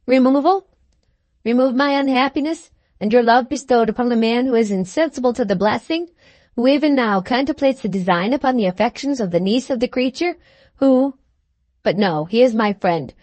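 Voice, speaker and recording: A woman voicing a brash, scheming male gentleman who speaks in clipped, staccato phrases. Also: on the high side, fairly quick, no echo, close to an everyday voice. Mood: theatrical.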